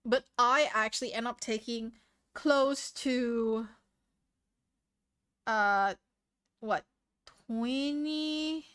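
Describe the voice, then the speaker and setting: High-voiced giggly woman streamer. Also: extremely slow, pauses often, a bit bright, clean tone. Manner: giggly, rambling, self-deprecating. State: sniffly from sneezing. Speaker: livestream host. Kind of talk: casual chat with viewers. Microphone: desk microphone with noise suppression.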